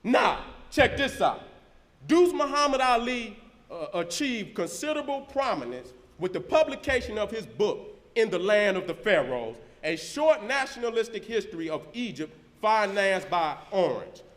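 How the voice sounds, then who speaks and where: A man's voice: high-pitched, very animated, moderate pace, fairly bright tone, reverberant, far from the mic. A man in a live debate, reading documents aloud with emphatic, combative slang asides. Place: event hall with a crowd.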